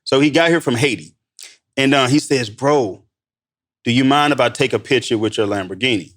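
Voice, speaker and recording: A man in casual podcast talk, telling stories with excitement, often saying "bro" and acting out quotes in a higher voice. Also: moderate pace. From Missouri, United States. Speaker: guest entrepreneur. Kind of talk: animated podcast storytelling.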